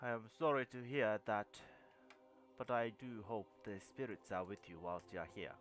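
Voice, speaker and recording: A man doing a solemn tribal chieftain, slow and grave. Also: on the low side, soft background music, lightly acted. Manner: slow, solemn speech with vaguely Russian lilt.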